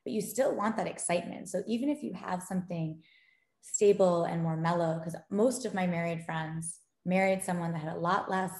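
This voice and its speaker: A woman who founded a gaming company chats casually as an interview guest, speaking in a lowish voice at normal speed. She's an animated storyteller who laughs often, and the room has a noticeable echo.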